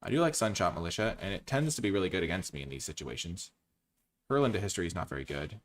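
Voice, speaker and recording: A man's voice: low-pitched, lively intonation, quick pace. A man giving casual commentary as he drafts cards, thinking aloud and weighing his choices. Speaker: card game streamer.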